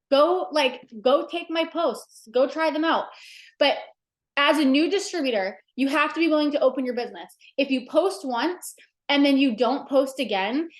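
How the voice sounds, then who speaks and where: A woman leading a casual livestream coaching session, talking chattily with lots of fillers and emphatic asides. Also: sits high. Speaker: direct sales team leader.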